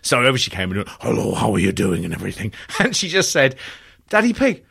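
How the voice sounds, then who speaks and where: A man's voice: fairly low pitch, very animated, quick pace, creaky, heavy background noise. A man co-hosting a comedy podcast, making wry, sweary jokes in casual chat. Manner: wry, sweary, jokey asides. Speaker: podcast co-host.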